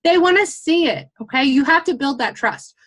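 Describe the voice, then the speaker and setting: A young woman giving a blunt, fast and animated motivational talk as a guest speaker on a team call, swearing casually. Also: sits high.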